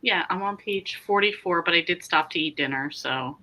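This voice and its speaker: Woman, lowish pitch, bright forceful tone, chatty host, reading viewer comments. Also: normal speed, poor audio. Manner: chatty, reads comments aloud and riffs on them. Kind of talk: casual chat.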